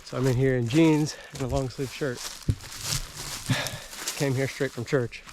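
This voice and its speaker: A man's voice: medium pitch, steady tone, takes it slowly, background noise. Hot, thirsty man vlogging on a trail. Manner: chatty, talking to himself. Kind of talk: talking to camera while hiking. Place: forest trail outdoors.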